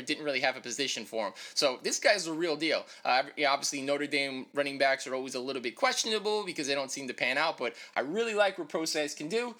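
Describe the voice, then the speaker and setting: A man co-hosting a sports podcast, giving brisk, opinionated, jokey takes in casual chat. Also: mid-range voice, bright, forceful tone. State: winded. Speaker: podcast co-host.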